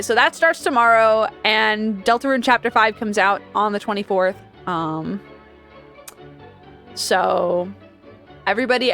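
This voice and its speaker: A woman's voice: medium pitch, a bit bright. Chatty rambling woman streamer. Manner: rambling, chatty, laughs often. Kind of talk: casual stream chat.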